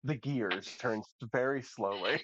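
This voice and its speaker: A man who is game master, narrating a tabletop game in an unhurried, descriptive way. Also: mid-range voice, a bit bright, husky, dry recording. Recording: dull lo-fi dry sound.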